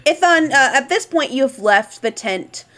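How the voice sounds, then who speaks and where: A woman's voice: high voice, expressive, unhurried, a bit bright. A woman game master narrating a tabletop horror game, casually, with frequent ums and restarts. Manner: hesitant, many fillers.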